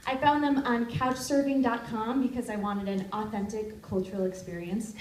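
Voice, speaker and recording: Young woman telling a story live on stage, kinda high voice, gets loud on the quotes, roomy sound from far off. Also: moderate pace, a little hiss or hum. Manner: animated, shouting out quoted lines.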